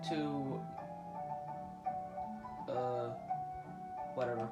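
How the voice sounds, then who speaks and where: A man's voice: a little high, a little slow, pauses often. A man casually commenting on a game, rambling with frequent restarts and self-corrections. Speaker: gaming YouTuber. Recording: roomy room with game music playing.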